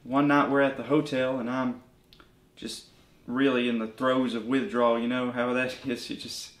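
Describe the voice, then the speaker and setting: A man's voice: mid-range voice, level tone, normal speed, echoey room, close to an everyday voice. A man playing a bitter crippled ex-rocker. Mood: sardonic. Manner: sardonic, crude storytelling. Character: bitter, crippled male ex-rock bandmate. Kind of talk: mockumentary interview.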